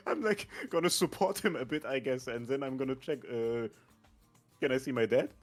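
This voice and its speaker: Lively, playful man playing a tabletop game. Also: medium pitch, faint music behind. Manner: playful, quick to laugh. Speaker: player. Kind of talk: casual tabletop play.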